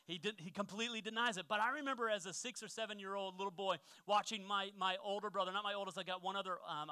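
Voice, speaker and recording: A man in his forties from northwestern Pennsylvania, preaching a sermon with stories from his childhood, lively in the stories and quiet in the reflection. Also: high-pitched, clean tone, no room sound. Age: 40s. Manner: storytelling, animated when acting out childhood scenes, then quiet and reflective. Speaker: pastor.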